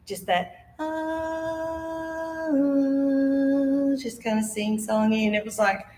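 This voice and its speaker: Her medium-pitched voice moves at normal speed as this woman in her 50s tells a ghost story live to a studio audience. Recorded in an echoey room, she performs the quoted voices with energy and laughs a lot.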